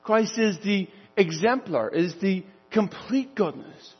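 Husky, high-voiced older male pastor. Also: lively intonation, slow, long reverb tail, dull audio. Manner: storytelling, acting out dialogue. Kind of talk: sermon.

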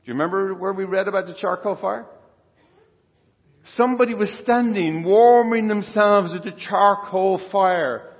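A man preaching as a priest in a homily to children at their First Communion, lively and conversational, quizzing them with questions. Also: high voice, moderate pace. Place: church. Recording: dull, reverberant church sound.

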